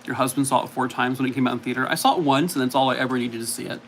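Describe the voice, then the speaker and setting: A man's voice: medium pitch, fairly even intonation, rapid-fire, a little hiss or hum. A man hosting a live game stream, chatting playfully and mocking himself with frequent laughs. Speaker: streamer host. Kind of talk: casual live-stream chat.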